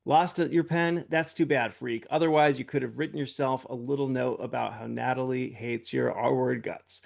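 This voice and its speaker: A man's voice: medium pitch, steady tone, normal speed, creaky. A man reading aloud the lines of a cruel, spiteful young woman from a screenplay, in a plain reading voice. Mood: taunting. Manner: reads lines plainly from script.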